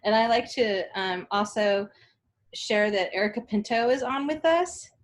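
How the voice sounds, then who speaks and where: A woman's voice: medium pitch, expressive, a little slow. A woman in her forties, from San Diego, introducing herself as a student in an online class, friendly and a little nervous. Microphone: video call.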